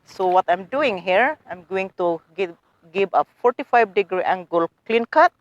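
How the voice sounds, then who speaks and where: Animated and speaking at normal speed, a woman with a medium-pitched voice shows off her garden work in a casual gardening how-to vlog. She eagerly chats, calls viewers guys, uses non-native phrasing, and the sound is lo-fi with no echo.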